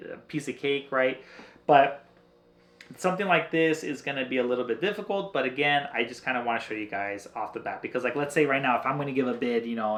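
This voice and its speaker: A man giving a casual screen-share tutorial on window cleaning prices, thinking aloud and counting slowly with plenty of hesitation. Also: medium pitch, vocal fry, a bit bright, echoey room. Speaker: window cleaning business owner.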